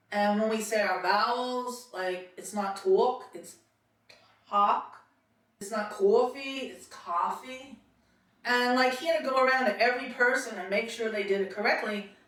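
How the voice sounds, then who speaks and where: A woman's voice: fairly high pitch, brisk, a bit bright, very echoey, distant mic. A woman from Queens with a New York accent, telling stories about acting class in a chatty way and acting out quotes. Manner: chatty, laughs often, acts out quotes. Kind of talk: casual storytelling monologue.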